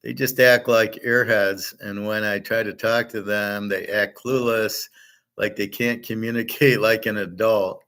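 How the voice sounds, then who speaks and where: Middle-aged male host, lowish voice, blunt rambling casual chat. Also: steady tone, measured pace, a bit bright. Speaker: show host.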